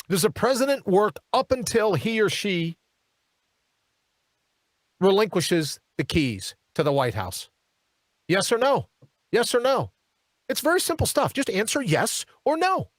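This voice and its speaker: A man's voice: high voice, sing-song, unhurried, long pauses, dry recording. A man hosting a political talk show in a studio, delivering an emphatic monologue full of hammering rhetorical questions and mocking asides.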